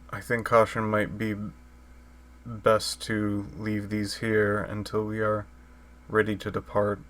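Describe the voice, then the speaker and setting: Man, player, slow, flat, low, cautious. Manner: measured, cautious. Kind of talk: in-character tabletop play.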